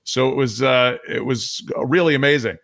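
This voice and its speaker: A man's voice: mid-range voice, normal speed, vocal fry, fairly bright tone, no echo, studio quality. A man calling in as a podcast guest, telling loose stories with lots of fillers over a remote mic. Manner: loose anecdotal storytelling with many fillers. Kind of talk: casual podcast chat. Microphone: remote call-in mic.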